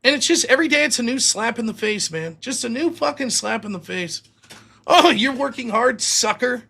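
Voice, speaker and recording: Reading out donations on his live stream, this male host rants with heavy profanity, heated and blunt. His very high-pitched voice is gravelly and sharp, brisk and expressive, in a casual stream rant.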